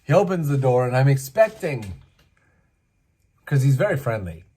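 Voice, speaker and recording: A man from Canada telling a story casually, lively and full of asides, as host. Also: medium pitch, normal speed, slightly rough. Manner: animated, acts out voices, many asides.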